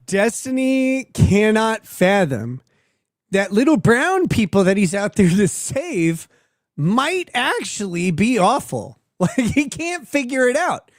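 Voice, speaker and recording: With a high voice and big pitch swings, a man speaks slowly while reading viewer messages on his livestream. He answers with crude, sardonic jokes and frequent laughter, recorded dry in clean studio sound as casual livestream commentary.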